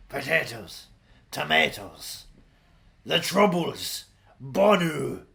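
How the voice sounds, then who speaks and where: Man doing a boastful gravelly movie-star. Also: on the high side, sing-song, extremely slow, full character voice. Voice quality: gravelly, shouty bravado. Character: brash aging male movie star, boastful. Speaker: podcast co-host. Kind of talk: comedic improvised impression.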